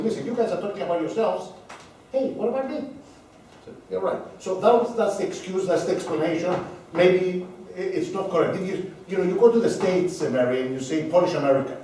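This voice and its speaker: A man from Cyprus, a diplomat answering audience questions at a seminar, halting and often repeating words as he searches for the right phrasing. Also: on the high side, warm tone. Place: lecture hall. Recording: echoey room picked up from far off, faint hiss.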